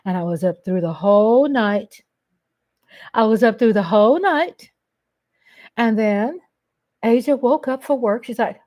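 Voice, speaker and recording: Woman livestream host, fairly high voice, slow delivery, reads chat aloud and greets viewers affectionately. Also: mellow. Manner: slow, chatty, sings snippets and calls viewers baby and darling.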